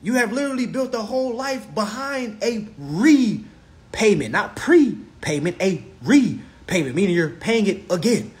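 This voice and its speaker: A man's voice: high voice, expressive, measured pace, darkish tone. A man lecturing on a live stream, blunt and profane, who repeats his phrases for emphasis.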